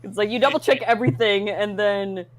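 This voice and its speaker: A woman's voice: medium pitch, a little fast. A woman co-hosting a podcast, chatting casually and laughing. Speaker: podcast co-host. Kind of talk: casual chat.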